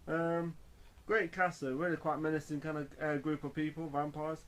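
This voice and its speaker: A man's voice: fairly high pitch, level tone, normal speed, a bit bright. A man reviewing a film in a casual, rambling way, full of fillers and restarts.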